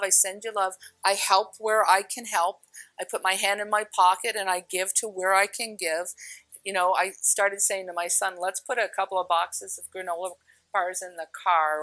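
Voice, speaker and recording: Lively bright-voiced woman teacher. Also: medium pitch, no echo. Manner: animated storyteller, laughs often, speeds up and slows down. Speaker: spiritual teacher. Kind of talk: casual spiritual talk.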